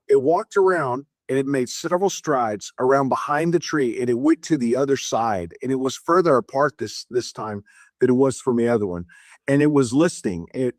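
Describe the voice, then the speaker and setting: A man's voice: mid-range voice, dry recording. Middle-aged guy telling a wild story on a podcast, acts out the voices, dry close sound. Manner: animated retelling, acts out dialogue with shifts in tone. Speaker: podcast guest. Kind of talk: storytelling in a casual interview.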